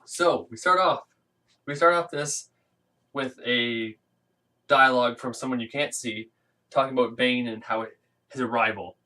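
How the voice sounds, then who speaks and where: A man's voice: mid-range voice, moderate pace, pauses often, sharp tone, recorded from a distance, poor audio. A man casually recapping a comic book issue, rambling with lots of fillers and restarts and acting out the characters' lines in silly voices. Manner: rambling, filler-heavy, acts out quotes in funny voices.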